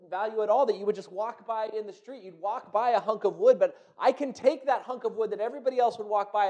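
A man's voice: sits high, dark tone. A man playing an earnest carpenter. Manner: earnest, persuasive. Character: earnest proud male carpenter, grown man.

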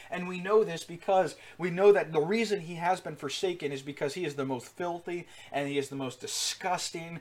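A man's voice: fairly high pitch, moderate pace, few pauses. A man preaching an earnest sermon with rising emphasis, frequent fillers and restarts. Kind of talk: sermon teaching.

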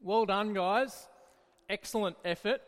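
Slow, high-voiced, and full of encouragement, a male children's church leader brings a Bible lesson to life as a lively story. The hall he speaks in has a long echo.

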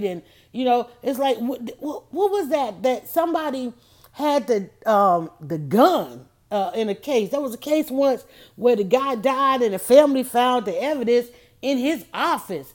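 A woman's voice: on the high side, darkish tone. A woman hosting a casual motivational talk, emphatic and preachy, repeating her points. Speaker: host.

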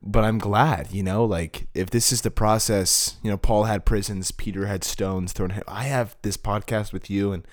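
A man's voice: fairly low pitch, fairly even intonation, moderate pace, few pauses. A young man hosting a casual podcast, joking and laughing with his co-host. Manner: joking, mock-whispered prayers, bursts into laughter.

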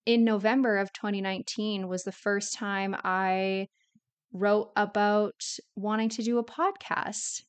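Young woman solo podcaster, clear resonant voice, mid pitch, chatty and confessional, rambles with fillers. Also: steady tone, unhurried. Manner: casual, rambling, many "like" fillers; candid, confessional. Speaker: podcast host.

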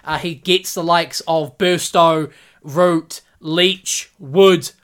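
A man hosting a podcast, giving a casual and excitable cricket recap full of swearing and mock voices. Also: fairly high pitch, very slow. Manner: excitable and profane, acts out players in mock voices. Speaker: podcast host.

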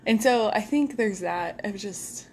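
A young woman telling animated, laughing stories in a casual podcast chat. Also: medium pitch, unhurried, a little hiss or hum. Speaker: podcast co-host.

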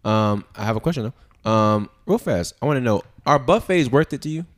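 A man's voice: mid-range voice, expressive, fairly quick. A man co-hosting a podcast, telling stories in casual chat with slang and fillers. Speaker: podcast co-host.

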